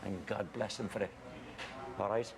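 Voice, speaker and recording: An actor playing a blustery, defensive middle-aged farmer with a Scouse accent, in found-footage style. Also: male voice, on the low side, fairly even intonation, moderate pace, gravelly. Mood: insistent. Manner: blustery, defensive, calls people mate. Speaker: farmer guarding his cousin. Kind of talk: found-footage film acting. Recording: noisy handheld camera audio.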